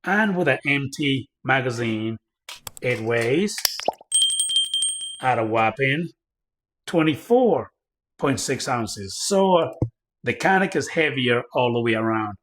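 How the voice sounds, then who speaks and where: Male reviewer, casual demo, talks to his viewers, gets excitable, mid-range voice, faint background noise. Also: mid-range voice, takes it slowly, long pauses. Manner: chatty, addresses viewers directly, excitable when reading results. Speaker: firearms reviewer. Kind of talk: casual hands-on product demo.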